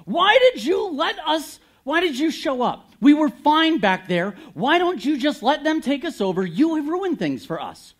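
A man voicing a panicked, angry crowd of former slaves, loud and complaining, in a sermon. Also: very high-pitched, big pitch swings, normal speed, hardly any pauses, pitched above the performer's own voice. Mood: panicked, accusing. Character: frantic angry crowd of ex-slaves, mixed ages.

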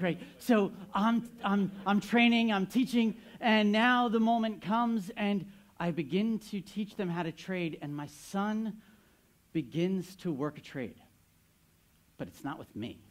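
A man's voice: high voice, unhurried. A man in his thirties, a pastor giving a sermon, telling a story with playful asides to the congregation.

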